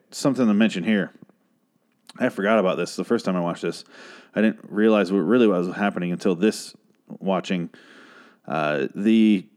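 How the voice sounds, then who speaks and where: A hoarse man with a fairly low voice, worn from recording several podcasts in a row. He rambles through a TV episode recap in a casual, profane way, with sarcastic asides and restarts. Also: a little mellow. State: losing his voice. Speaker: podcast host.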